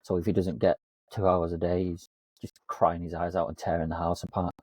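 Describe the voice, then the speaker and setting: Deep voiced guy co-hosting a podcast, jokey about himself, dry close sound. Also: level tone, a little fast, darkish tone, breathy edge, dry recording. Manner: self-mocking, laughs often. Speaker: podcast co-host, coach. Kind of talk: casual chat.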